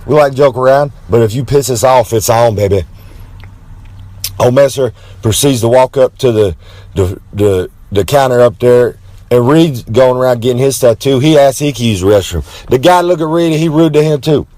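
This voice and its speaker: A brash man with a drawl spins a rambling comic tale. He swaggers through it with boastful asides and drawn-out dramatic pauses, talking about himself in the third person. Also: medium pitch, mellow, no echo. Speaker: wrestler telling a story. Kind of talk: rambling comic storytelling monologue.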